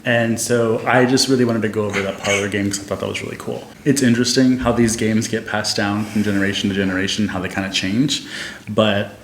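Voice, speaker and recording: A man's voice: on the low side, level tone, brisk, a little hiss or hum. A man co-hosting a podcast in loose, teasing casual chat. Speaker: podcast co-host. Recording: echoey room.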